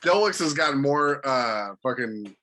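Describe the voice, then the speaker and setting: Bright-voiced man joking on a podcast. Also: mid-range voice, expressive, unhurried, slight background noise. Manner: joking, loose, laughs often. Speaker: podcast co-host. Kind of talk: casual banter.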